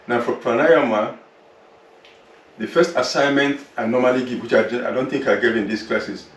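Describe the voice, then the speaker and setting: A mid-range male voice guides a yoga session, moving unhurriedly through a body relaxation before turning to breathing. The sound is roomy and distant with faint noise, fitting the class room setting and his calm, stretched-out delivery.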